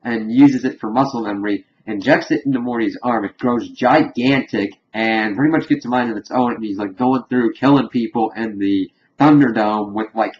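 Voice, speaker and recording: A man casually recapping a cartoon episode in a rambling way, full of fillers and quick acted quotes. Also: mid-range voice. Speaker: reviewer. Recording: dull lo-fi home recording with faint hiss.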